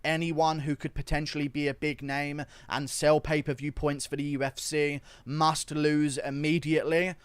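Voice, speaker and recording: A man's voice: a little high, normal speed, few pauses, clear, resonant tone, dry recording. British man giving fight analysis. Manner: steady explanatory talk, addressing viewers. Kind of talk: casual spoken commentary.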